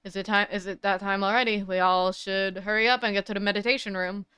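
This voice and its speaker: A woman doing a loud, pushy southern gal photographer, all folksy swagger, her put-on drawl crisp and smooth against a dry, close sound with no room echo. She barrels through her lines with eager bluster, as if reading the game's dialogue aloud. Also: medium pitch, fairly even intonation, fast talker, natural voice. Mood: brash. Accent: put-on American Southern. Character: brash southern female paranormal photographer.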